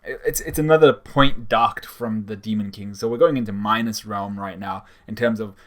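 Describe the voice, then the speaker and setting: Casual male reviewer, somewhat low voice, sarcastic and profane, does quick character voices. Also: fairly bright tone. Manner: sarcastic, swearing, acts out characters. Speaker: manga reviewer.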